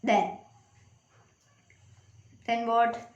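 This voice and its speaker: A woman's voice: a little high, flat delivery, very slow, echoey room, muffled recording. A woman teaching an English grammar lesson to children, asking questions and checking with the class.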